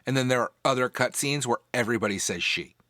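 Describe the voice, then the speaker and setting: A man's voice: medium pitch, fast talker, pushed and bright, no room sound, studio quality. A man co-hosting a casual podcast about a video game, rambling and restarting his sentences with a wry edge. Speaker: podcast co-host.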